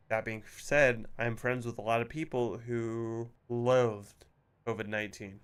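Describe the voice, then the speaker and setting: A man's voice: medium pitch, steady tone, unhurried. Sarcastic man rambling on a stream. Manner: sarcastic, rambling, swears freely. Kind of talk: casual stream chat.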